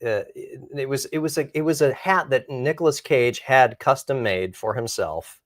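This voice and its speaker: A middle-aged man tells a rambling, self-deprecating showbiz story with lively, easy energy. His mid-range voice sits close and dry on the microphone, with no room sound at all. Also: mid-range voice, moderate pace, no echo. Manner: animated, self-mocking, rambling anecdotes. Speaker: guest actor. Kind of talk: casual storytelling.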